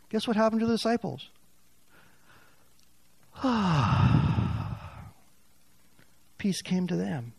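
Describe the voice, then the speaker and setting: Guy preaching a sermon, kinda high voice, dry close sound, gets loud then drops almost to a whisper. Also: big pitch swings, very slow, vocal fry, long pauses, husky, no room sound. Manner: swings from loud, high bursts to hushed, near-whispered lines. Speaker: pastor.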